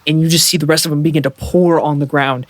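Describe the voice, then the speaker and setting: A man narrating a tabletop game as game master, describing scenes in a halting way with lots of fillers. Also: a little high, steady tone, dry recording.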